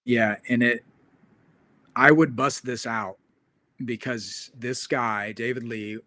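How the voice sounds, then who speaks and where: A man's voice: medium pitch, steady tone, takes it slowly, sharp tone, dry recording. A male host in casual chat, telling a rambling story with plenty of fillers.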